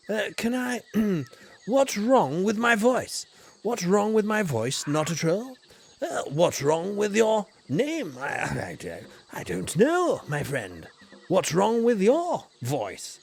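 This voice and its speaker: Brief: Yorkshire man, game streamer, mock-posh and playful, voice swooping all over, slightly high. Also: sing-song, a little slow, slight background noise. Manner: playful, mock-posh, swings between loud greetings and mumbles. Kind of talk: comedic game livestream commentary.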